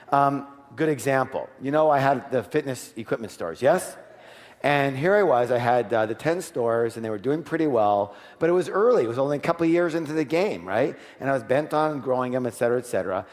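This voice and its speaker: Middle-aged male seminar speaker, animated storyteller, mid pitch, long hall reverb. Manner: animated storytelling, acts out dialogue, asks the audience. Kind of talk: live motivational seminar talk.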